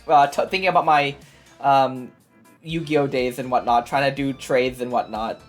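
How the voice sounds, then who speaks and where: A woman streamer recapping an event in a casual, rambling way, full of fillers and excited asides. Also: very deep voice, moderate pace. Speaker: VTuber streamer. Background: faint background music.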